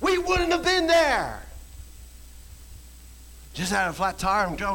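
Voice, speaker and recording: A man preaching a sermon, telling a story and swinging from quiet storytelling to shouted exhortation. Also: high-pitched, huge pitch swings, slow pace, gravelly, long pauses, rough recording. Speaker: pastor.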